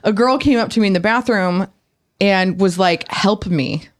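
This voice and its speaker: A woman's voice: mid-range voice, normal speed. A woman co-hosting a podcast in casual chat, telling a story with lots of swearing while speaking around new braces. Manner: animated storyteller, swears freely. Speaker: podcast co-host.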